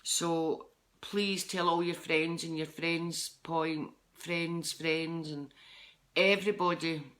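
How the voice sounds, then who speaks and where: A woman's voice: low-pitched, steady tone, slow pace, a bit bright. A middle-aged Scottish woman, a psychic medium, chatting with viewers on a live stream in a rambling, chatty way. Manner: chatty, rambling, jumps between topics.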